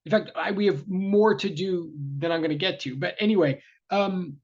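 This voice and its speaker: Brief: male lecturer, high voice, apologetic and chatty, tablet mic with dull lo-fi sound. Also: moderate pace. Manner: apologetic, flustered, chatty, many fillers and restarts. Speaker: university lecturer. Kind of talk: casual online class opening. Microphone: tablet microphone on a video call. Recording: dull lo-fi video call audio.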